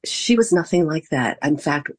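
An older American woman, a guest in an interview, telling stories with lively acted-out quotes. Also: low voice, moderate pace, husky. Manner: animated anecdotes with acted-out quotes. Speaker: interview guest, former theme park performer and interviewer. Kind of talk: storytelling in a conversational interview.

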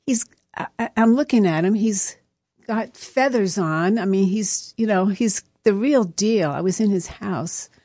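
A woman's voice: medium pitch, measured pace, mellow, no echo. A woman hosting a live radio show in a studio, telling stories in a chatty, rambling way. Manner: chatty, anecdotal, rambling with restarts. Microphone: studio microphone.

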